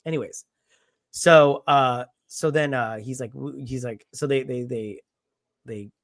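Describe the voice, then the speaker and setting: A man hosting a casual movie review after drinking, rambling and profane, with sudden loud acted-out lines. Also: mid-range voice, measured pace, no echo, studio quality. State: has been drinking. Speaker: podcast host.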